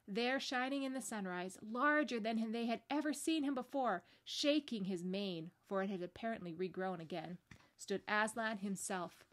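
A woman pastor reading a storybook chapter aloud with gentle, steady narration. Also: mid-range voice, normal speed.

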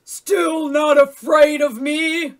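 A huge, menacing male wolf from a storybook, bellowing in a deep, mean voice, as a woman puts him on. The sound is bright and forceful. It is heard from a little way off the mic. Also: extremely slow, distant mic, heavily acted.

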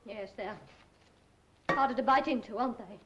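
A level-headed, sharp-tongued younger sister, played by a woman. She talks dryly and bluntly in a high voice, in the manner of 1930s film acting. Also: moderate pace, lo-fi sound, background noise, lightly acted. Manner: dry, blunt.

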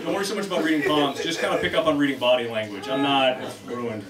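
A man's voice: medium pitch, quick pace, over a noisy crowd. A man doing a stand-up comedy set on a club stage, rambling and self-deprecating, acting out bits of dialogue. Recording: echoey room, recorded from a distance, loud background noise.

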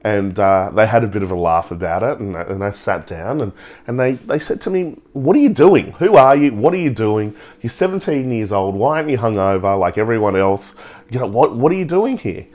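A man, telling a personal story in a lively way and acting out the people in it. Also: fairly low pitch, a little fast. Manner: animated, acts out the people in his story with laughs. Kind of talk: storytelling talk.

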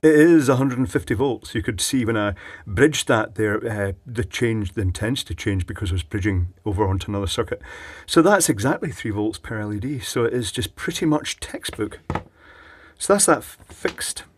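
A man with a husky, slightly raspy voice talks through a repair at his workbench. His delivery is dry and wry, casual and full of asides as he thinks out loud. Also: on the low side, brisk, dry recording. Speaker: electronics repair presenter.

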